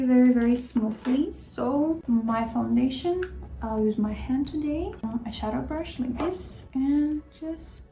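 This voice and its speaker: A woman's voice: on the high side, creaky, mellow. A woman talking through her makeup as a vlogger, chatty and rambling, with self-critical asides. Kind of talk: casual makeup tutorial commentary. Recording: echoey room.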